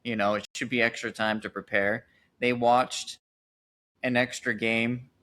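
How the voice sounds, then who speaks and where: A man's voice: mid-range voice, level tone, a little slow, sharp tone. A man co-hosting a sports podcast, chatting casually and thinking aloud with frequent restarts. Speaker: podcast co-host.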